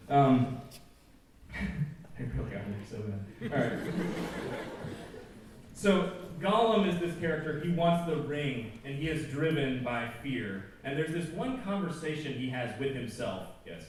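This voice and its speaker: A man speaks in a casual, joking way to a school audience, full of asides. His voice is mellow and dark. It booms around a big echoey auditorium, caught from a distance with faint noise underneath. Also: animated, unhurried. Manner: conversational and joking, with many asides. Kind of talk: informal chapel talk.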